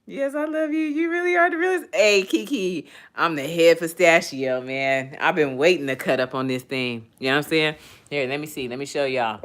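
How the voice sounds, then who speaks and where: A woman hosting a casual livestream, reading chat comments aloud and laughing loudly between remarks. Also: deep voice, moderate pace. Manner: loud laughing, playful, animated. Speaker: livestream host.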